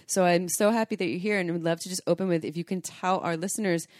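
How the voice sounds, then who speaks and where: Woman podcast host, rambly and chatty, lowish voice, dry sound. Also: steady tone, fast talker, darkish tone, no room sound. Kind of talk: casual podcast chat.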